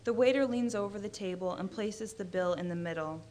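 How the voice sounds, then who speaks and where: A woman reads her own short fiction aloud in a measured, dry narrating voice. Her pitch sits in a comfortable middle range. The delivery is steady and unhurried. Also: slight background noise. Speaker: author reading her fiction. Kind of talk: literary reading.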